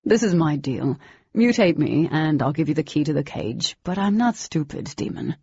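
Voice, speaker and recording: A woman's voice: low voice, lively intonation, moderate pace, a little mellow, breathy edge, no room sound, lo-fi sound, exaggerated voice. A woman voicing an older male villain, cold, smug and calculating, in a clipped, condescending manner.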